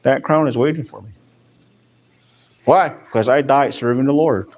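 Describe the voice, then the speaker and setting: A man preaching a sermon, animated, punctuating his points with repeated calls of "amen". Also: mid-range voice, unhurried, dull audio.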